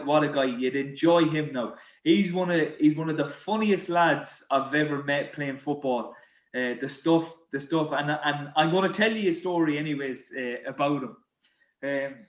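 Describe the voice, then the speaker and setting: A man's voice: fairly high pitch, roomy sound, dull audio. Man telling football stories. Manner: animated, repeats words, laughs at his own stories. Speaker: podcast guest, former footballer. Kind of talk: anecdotal storytelling.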